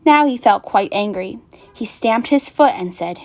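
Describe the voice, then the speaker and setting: A woman reading a picture book aloud with gentle, expressive narration. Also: mid-range voice, measured pace. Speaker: storyteller.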